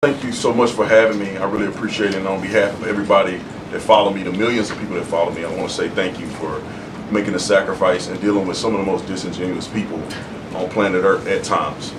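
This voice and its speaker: A man in a press briefing room asking questions in an earnest, emphatic way. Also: deep voice. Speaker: content creator asking a question. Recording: distant mic with air conditioning hum.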